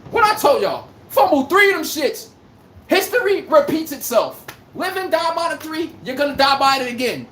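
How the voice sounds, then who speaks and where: A man's voice: extremely high pitch, big pitch swings, normal speed, slight background noise. Brash trash-talking man in a roomy space. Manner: brash trash-talking, taunting, shouts out lines. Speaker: host of a sports podcast livestream. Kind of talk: heated sports talk to a live chat.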